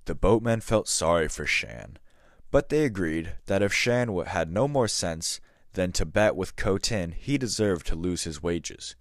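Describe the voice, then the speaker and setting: A man with a very deep voice reads a story aloud as a podcast host. He narrates in a measured, scripted way. The sound is dry and close. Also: animated, dry recording.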